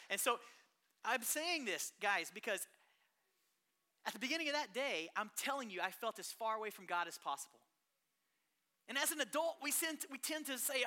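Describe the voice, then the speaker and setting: A pastor preaching a sermon, telling stories in an animated way that swings between hushed and loud. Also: medium pitch, a little fast.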